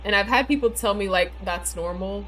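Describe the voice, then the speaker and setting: Her voice sits in the mid range, a bit bright, at a moderate pace as she talks casually while playing on a live stream. She peppers her speech with "like" and "you know," sounds slightly slurred from biting her tongue, and slight background noise comes through.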